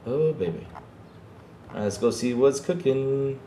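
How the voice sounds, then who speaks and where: A man hosts a casual livestream, chatting straight to his viewers in an excitable, repetitive way. His voice sits at a middle pitch. It echoes around the room over a faint background hum. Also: slow. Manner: excitable, repeats himself, talks to chat. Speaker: podcast host streaming to chat.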